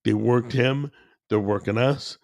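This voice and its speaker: A man's voice: medium pitch, unhurried, gravelly, darkish tone, no room sound, clean studio sound. A man giving a heated political rant to his listeners, worked up and repeating himself. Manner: worked up, repetitive, addresses listeners as guys. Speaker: commentator.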